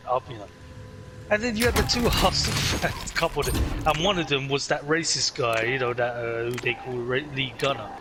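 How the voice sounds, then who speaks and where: A man's voice: medium pitch, normal speed. A man chatting casually while gaming, retelling arguments animatedly and acting out the voices. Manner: animated storyteller, acts out quoted arguments. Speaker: gaming streamer. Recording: clear background noise.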